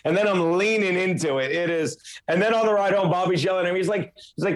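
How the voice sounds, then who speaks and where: Ranting high-voiced man. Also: brisk. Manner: profane, emphatic, ranting. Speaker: podcast host. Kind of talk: heated casual chat.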